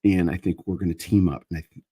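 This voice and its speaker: A man with a low, husky voice holds forth on a live stream, wandering from one thought to the next and restarting his sentences. He holds his own microphone. The sound is dry and close, with no room around it. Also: steady tone, fast talker, mellow, no echo. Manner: meandering, self-interrupting, restarts sentences. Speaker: host of a live chat stream. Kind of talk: rambling casual monologue. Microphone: handheld microphone he moves around.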